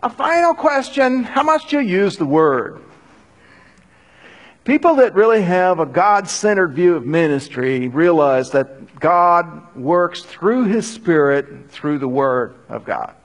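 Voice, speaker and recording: A man's voice: high voice, slow pace. An older man preaching a sermon to a live congregation in a conversational way, rising into urgent bursts. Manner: conversational, animated bursts when urging. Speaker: pastor. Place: church hall before a live audience.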